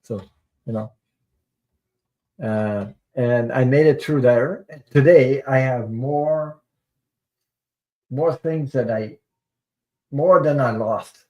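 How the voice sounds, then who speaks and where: A man's voice: mid-range voice, slow, pauses often, darkish tone, dull audio. Earnest rambling male tarot reader. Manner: earnest, rambling, repeats words for emphasis. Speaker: tarot reader hosting a live stream. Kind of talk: casual live-stream storytelling.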